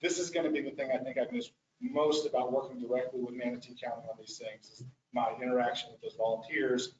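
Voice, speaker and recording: A man's voice: mid-range voice, little pitch movement, fast, a little mellow. A man, a restoration practitioner, giving a casual, rambling presentation at a board meeting, with many restarts. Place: meeting room. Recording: echoey muffled meeting room audio.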